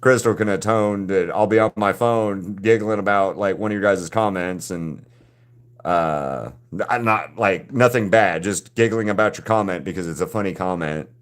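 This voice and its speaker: A man hosting a live drawing stream, chatting casually with viewers and often restarting his sentences. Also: sits low. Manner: halting, frequent restarts and repeated words.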